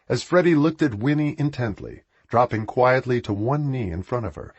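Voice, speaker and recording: Husky, animated male audiobook narrator. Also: lowish voice, dry recording. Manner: animated, expressive reading. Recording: dull, dry recording.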